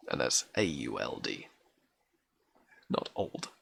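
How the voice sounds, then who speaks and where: A man's voice: rumbling low, sing-song, slow, vocal fry, long pauses, a bit bright, husky. A man reading poetry aloud on a live stream, working through dialect verse and correcting his own slips. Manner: reads Scots dialect verse aloud, stumbles and corrects himself.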